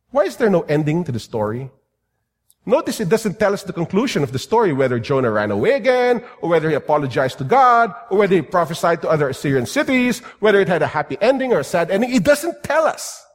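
A man preaching a sermon in a lively, animated way, now and then acting out comic voices. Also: high-pitched, long reverb tail. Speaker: pastor.

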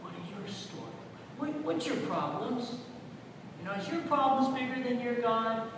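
High-voiced pastor preaching in an echoey church. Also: male voice, measured pace. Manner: rhetorical questions, emphatic repetition, swings between loud and quiet. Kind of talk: sermon. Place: large echoey church sanctuary. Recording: echoey hall, distant mic, rumbling noise.

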